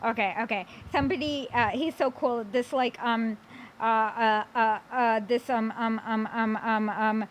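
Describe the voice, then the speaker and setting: A woman's voice: a little high, steady tone, a little slow, a little hiss or hum. A woman hosting a casual talk stream who reacts to clips, blunt and rambling with many fillers and the odd swear.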